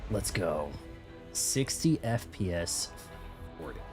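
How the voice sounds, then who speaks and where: A man's voice: sits low, sing-song, slow pace, over music. A young man streaming a video game live, chatting casually with viewers in a rambling, self-mocking way. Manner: rambling, self-deprecating, talks to chat.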